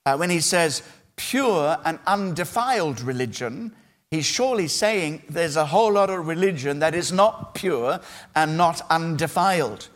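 A male pastor delivering a sermon to his congregation. His voice sits a touch higher than most men's, and he speaks in an earnest, emphatic way, leaning on key phrases and pausing between them. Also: lively intonation. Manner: earnest, emphatic preaching with measured pauses.

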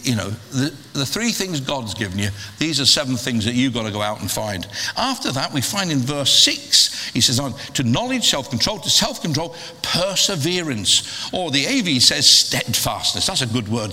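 A middle-aged man preaching a sermon in a lively, humorous way, with stammered restarts. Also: on the high side. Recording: long hall reverb.

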